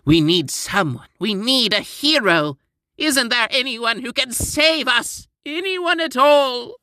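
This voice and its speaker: A man voicing a despairing village woman pleading for a hero, in a melodramatic falsetto. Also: animated, takes it slowly, sharp tone, no echo, clean studio sound, full character voice. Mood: lamenting. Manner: melodramatic lamenting.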